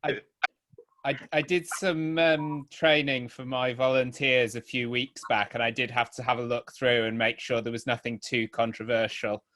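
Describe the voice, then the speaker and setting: A man's voice: mid-range voice, moderate pace. Easygoing man chatting on a call. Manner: relaxed, joking. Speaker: student. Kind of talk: casual chat. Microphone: video call.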